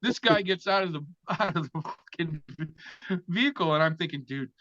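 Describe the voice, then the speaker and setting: A man's voice: a little high, lively intonation, normal speed, pushed and bright, no room sound. A man telling a story as an interview guest, casual and full of swearing. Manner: profane, vivid storyteller. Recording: dull, dry lo-fi sound.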